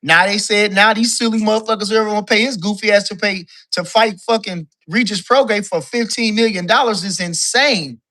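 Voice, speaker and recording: A man's voice: sits high, a little fast, hardly any pauses, bright, forceful tone. A man calling in as a guest to a boxing talk show, ranting in casual, profane talk and hammering the same points again and again. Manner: profane, emphatic, repeats his points. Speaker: guest caller, boxing commentator.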